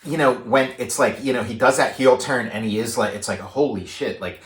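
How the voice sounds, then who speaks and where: Man, casual podcast co-host, rambling and filler-heavy, mid-pitched, roomy echo. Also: a little fast, crowd noise. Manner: rambling, many likes and restarts, animated when paraphrasing. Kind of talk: casual movie discussion.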